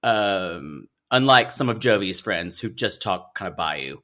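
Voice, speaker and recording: A man co-hosting a podcast, chatting in a gossipy, animated way and laughing often. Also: deep voice, a little slow. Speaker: podcast co-host. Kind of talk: casual chat.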